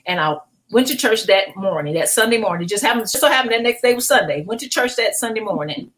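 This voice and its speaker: A middle-aged woman pastor, a podcast guest, telling a personal testimony in an animated, emotional way, often restarting her sentences. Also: medium pitch, quick pace, hardly any pauses, rough recording.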